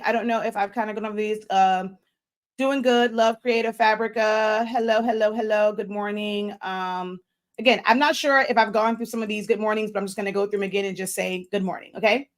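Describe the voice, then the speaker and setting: A chatty woman hosts a casual craft livestream, her voice sitting at an ordinary middle pitch. She rambles easily, greets viewers by reading their comments aloud, and chews gum as she talks. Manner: chewing gum while talking. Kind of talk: casual live-stream chat.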